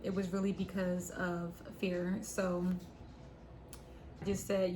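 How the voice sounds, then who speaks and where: Animated young woman telling a story. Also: mid-range voice, moderate pace, a little hiss or hum. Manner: animated, acts out quotes of herself and her sister. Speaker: vlogger. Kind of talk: casual storytelling to camera.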